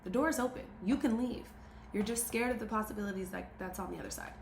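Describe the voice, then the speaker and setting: A woman's voice: mid-range voice, quick pace, vocal fry, a little hiss or hum. Emphatic woman giving a motivational talk. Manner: emphatic, preachy, repeats key phrases. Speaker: motivational speaker. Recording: roomy echo, faint ambience.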